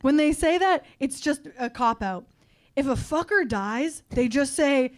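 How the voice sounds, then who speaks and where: Woman, high voice, comedy co-host, giggly, rambling, crude humor, live stage show. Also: animated, unhurried. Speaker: podcast co-host. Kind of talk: live comedy podcast banter.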